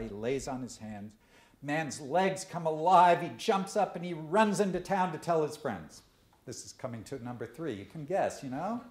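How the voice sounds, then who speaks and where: A man giving a lecture to students, telling stories and jokes at a deliberate pace. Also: on the high side, expressive. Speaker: guest speaker. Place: lecture hall. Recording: echoey lecture room.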